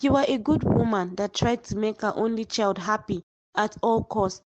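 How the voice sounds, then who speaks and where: A woman's voice: medium pitch, no room sound, dull audio, close to an everyday voice. A woman voicing a dying young woman in a cartoon drama, weak and remorseful, speaking faintly. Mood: weak tender. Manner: faint, slow farewells.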